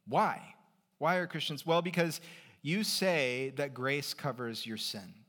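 Conversational male pastor preaching a sermon. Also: slow pace. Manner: conversational and lively, rising in pitch and volume for emphasis.

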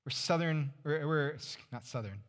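A man preaching a sermon as pastor, conversational, asking the congregation rhetorical questions and dropping to a hush for emphasis. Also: a little high, animated, unhurried. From California Central Valley.

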